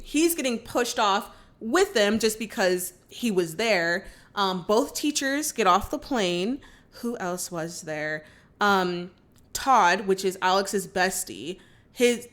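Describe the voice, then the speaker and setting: A woman chatting through a movie recap in a loose, conversational way, dropping plenty of fillers as she goes. She turns indignant and scolding when a character misbehaves. Her pitch sits in an ordinary middle range. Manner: chatty, lots of fillers like "like" and "you know". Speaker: movie reaction vlogger.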